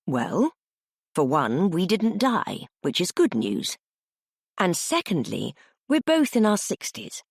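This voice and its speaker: A woman's voice: lowish voice, wildly swooping pitch, slow pace, creaky, husky, dry recording, clean studio sound, voice pushed up, full character voice. A woman voicing a chatty, irreverent dinner lady in her sixties who speaks in a matter-of-fact way.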